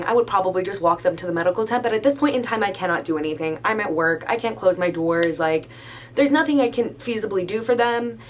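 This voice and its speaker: A woman's voice: medium pitch, a little hiss or hum. Chatty young woman telling a story. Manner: animated, emphatic retelling with many "like"s. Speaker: storyteller recounting a work incident. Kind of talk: casual storytime monologue.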